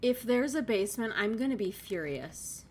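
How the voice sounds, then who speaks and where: A woman's voice: a little high, lively intonation, moderate pace, a little hiss or hum. A woman giving casual gameplay commentary, chatty and thinking aloud, with sudden exasperated outbursts. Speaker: let's play gamer.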